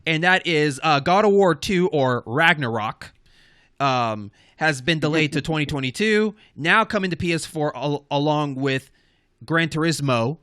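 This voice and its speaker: A man's voice: fairly high pitch, lively intonation, a little slow, a bit bright, clear, resonant tone, no room sound, clean studio sound. A man co-hosting a casual video game news podcast, talking in a loose, rambling way with plenty of fillers. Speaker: podcast co-host. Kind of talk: casual gaming news chat.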